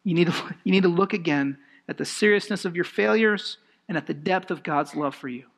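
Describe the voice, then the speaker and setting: A man preaching a sermon, emphatic and animated, with rhetorical questions and lively swings in emphasis. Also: high voice, brisk, creaky. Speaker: pastor.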